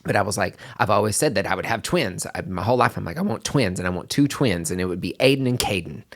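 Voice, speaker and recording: A male podcast host in casual chat, emotional and excitable, breaking into high exclamations and trailing restarts. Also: fast.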